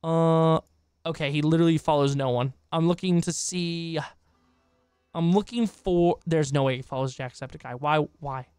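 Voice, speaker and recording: Profane, hoarse male streamer reacting live. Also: a little high, normal speed, darkish tone, no room sound. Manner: profane, exclaiming, talks back at what he reads. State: hoarse from long talking. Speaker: streamer reacting to online drama.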